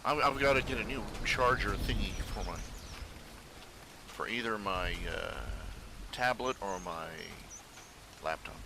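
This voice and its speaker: A man's voice: lowish voice, a little slow, long pauses, noisy background. A man chatting casually to viewers during a live stream at his computer, rambling with many fillers and restarts. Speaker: webcomic artist streaming live. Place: home room at his computer.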